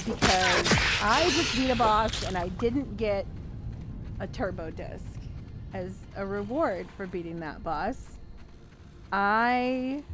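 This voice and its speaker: Chatty woman gamer over game music. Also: medium pitch. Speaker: gaming video host. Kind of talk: casual let's-play commentary. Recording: game music playing clearly behind the voice.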